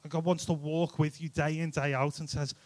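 A man's voice: fairly high pitch, level tone, brisk, darkish tone, dry recording. A man giving an informal, jokey youth sermon, full of rhetorical questions. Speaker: youth speaker.

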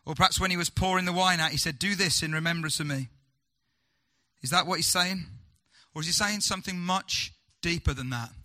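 A preacher with a high voice addresses his congregation with rhetorical questions, alternating urgent, loud moments with slow, hushed ones.

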